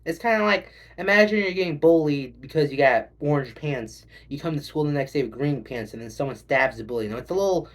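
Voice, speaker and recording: A man doing a stand-up set, rambling and swearing and acting out quick voices. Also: on the high side, expressive. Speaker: stand-up comedian.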